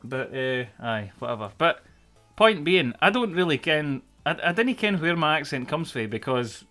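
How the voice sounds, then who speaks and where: A Scottish man in his thirties, from the central belt between Glasgow and Edinburgh, tells rambling, sweary stories while chatting casually on a live stream. His voice is on the high side, bright and forceful, very animated, at normal speed, with faint music in the background.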